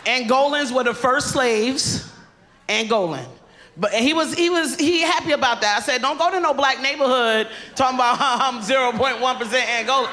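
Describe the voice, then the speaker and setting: A woman comedian doing a stand-up set on stage into a handheld mic, animated and laughing through her punchlines. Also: high voice, normal speed, background noise.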